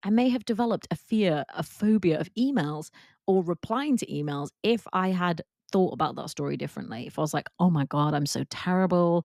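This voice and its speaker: A woman hosting a casual solo podcast, telling embarrassing work stories and acting out quotes in a higher voice, laughing at herself. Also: a little fast, dry recording, clean studio sound. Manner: animated, acts out quotes in a higher voice. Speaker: podcast host and work confidence coach.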